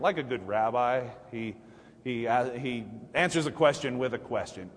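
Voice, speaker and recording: A male pastor preaching a sermon in a relaxed, humorous, conversational way, often restarting his sentences. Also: medium pitch, normal speed, big-room sound. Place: church sanctuary.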